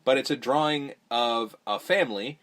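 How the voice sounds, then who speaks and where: A man's voice: medium pitch, normal speed. A man hosting a podcast, recapping a horror movie in casual, profane chat and acting out characters' lines as he goes. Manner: animated, profane, mimics characters mid-story. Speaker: podcast host.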